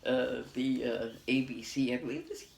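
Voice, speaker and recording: A woman's voice: extremely low pitch, little pitch movement, moderate pace, vocal fry, a little mellow, a little hiss or hum. An American woman giving a casual TV review, rambling and laughing often. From United States. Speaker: TV critic. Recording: roomy echo.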